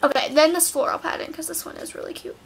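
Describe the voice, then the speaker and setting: Late-teens girl, high-pitched, bubbly and chatty, home recording on a camera mic. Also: steady tone, quick pace, creaky, a little hiss or hum. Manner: bubbly, chatty, filler-heavy talk with many "like"s. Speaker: vlogger. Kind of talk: clothing haul vlog. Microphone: built-in camera mic.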